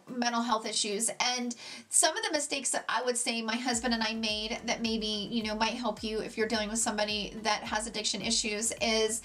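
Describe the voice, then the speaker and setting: A woman's voice: a little high, fairly bright tone. A middle-aged woman vlogger answering viewer questions in a casual, earnest and heartfelt way. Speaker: beauty vlogger.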